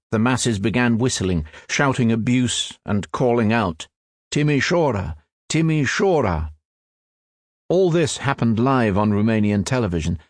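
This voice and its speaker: A man reading nonfiction as an audiobook narrator, in a measured, even storytelling delivery. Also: on the low side, no echo, studio quality.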